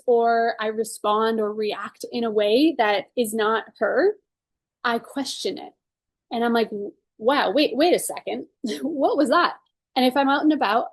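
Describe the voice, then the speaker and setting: A woman's voice: a little high, no echo. A woman leading a guided tapping session and teaching casually, earnest and upbeat, often saying "like" and "right?". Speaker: EFT tapping coach.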